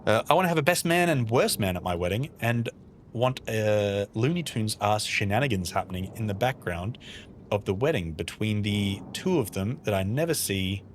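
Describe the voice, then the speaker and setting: A man's voice: lowish voice, animated, normal speed, a little hiss or hum. A man casually streaming a game, chatting with his viewers and muttering to himself as he plays. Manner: chatty, reads and answers chat messages; playful, mutters to himself while playing. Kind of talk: casual live-stream chat while gaming.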